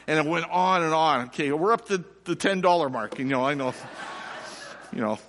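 A middle-aged man, preaching a sermon and telling a lively personal story before turning quiet and slow. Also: on the high side, a little hiss or hum. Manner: animated storyteller, drops to soft and slow for reflection. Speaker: pastor. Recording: long reverb of a large hall.

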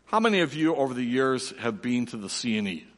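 A middle-aged man, preaching a sermon and telling a lively personal story before turning quiet and slow. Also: medium pitch. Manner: animated storyteller, drops to soft and slow for reflection. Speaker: pastor. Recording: long reverb of a large hall.

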